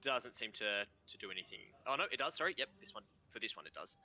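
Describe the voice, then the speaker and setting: Low bright-voiced Australian game master. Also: male voice, big pitch swings, fast. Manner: casual, laughs easily, trails off with "um" and "kind of". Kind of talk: narrating a tabletop game.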